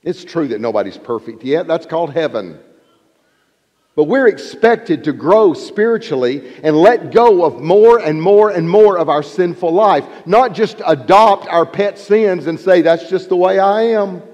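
A man preaches with an emphatic, animated delivery, his fairly high voice rising and falling widely. Reverb trails each phrase as it rings through a large hall. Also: unhurried, lo-fi sound. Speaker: pastor. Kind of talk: sermon.

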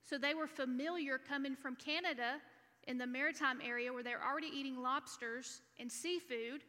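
A woman's voice: high voice, fairly even intonation, moderate pace, pushed and bright. A woman from Alabama preaching a sermon, earnest and teaching point by point. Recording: reverberant church hall.

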